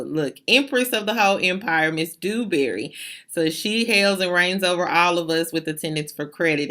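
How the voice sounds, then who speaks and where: A woman school administrator, giving chatty, playful announcements on a video call. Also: fairly low pitch. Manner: chatty, playful and warm-hearted.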